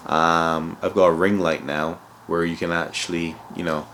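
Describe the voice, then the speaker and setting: A man with a low, deep voice talks through advice in a loose, casual vlog style. He rambles, restarts his sentences and leans on "you know" as he goes. There is a faint hiss behind him. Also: little pitch movement, normal speed, a bit bright. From outside England, moved there. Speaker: cloud consultant giving career advice.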